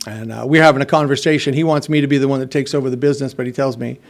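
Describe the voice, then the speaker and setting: A man's voice: mid-range voice, fairly even intonation, very fast, vocal fry, few pauses. A middle-aged man telling his own recovery story at a meeting, rambling with many fillers and restarts. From United States. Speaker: AA meeting speaker.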